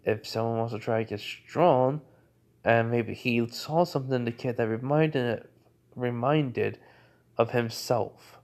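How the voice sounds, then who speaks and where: Teen ninja boy, loyal, lonely past, talks plainly in an everyday mid-pitched voice, as a man does his lines. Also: unhurried, darkish tone, natural voice. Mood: scolding. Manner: plain speaking voice, little change from narration.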